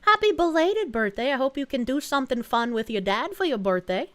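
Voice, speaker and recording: Woman streamer, high animated voice, excitable and profane, casual live chat. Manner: excitable, profane, quick reactions with frequent laughs. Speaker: VTuber streamer.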